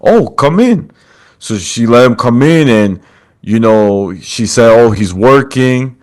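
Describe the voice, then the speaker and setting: A man's voice: medium pitch, slow, a little mellow. A man hosting a podcast over a video call, retelling a story with quoted lines and calling his guest brother. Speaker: podcast host. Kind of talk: casual storytelling chat.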